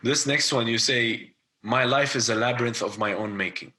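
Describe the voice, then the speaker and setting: A man's voice: mid-range voice, moderate pace, pushed and bright. A man hosting a podcast, asking thoughtful, probing questions in casual conversation. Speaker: podcast host.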